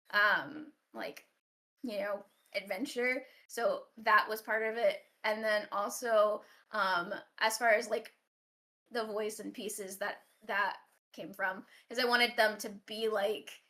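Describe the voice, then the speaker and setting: A woman's voice: fairly high pitch, pushed and bright. A woman guest on a podcast, chatting casually and rambling with lots of ums and self-deprecating asides. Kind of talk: casual chat.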